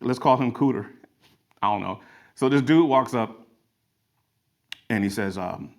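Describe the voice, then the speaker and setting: A man's voice: mid-range voice, measured pace, long pauses. A man telling folksy parable-like stories as a motivational talk, in a garage converted into a studio. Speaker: creative studio owner. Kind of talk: motivational storytelling.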